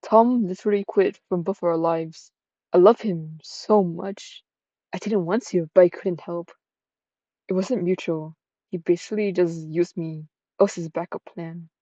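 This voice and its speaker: A woman's voice: fairly low pitch, steady tone, a little slow, mellow, no echo, dull audio. A woman voicing a heartbroken, guilt-ridden young woman who was cursed, in a tearful, self-pitying confession.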